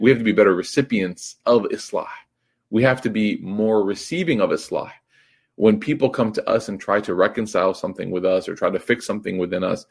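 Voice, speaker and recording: Husky low-voiced man giving a relaxed religious talk. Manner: casual, with frequent fillers and restarts. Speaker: Islamic teacher.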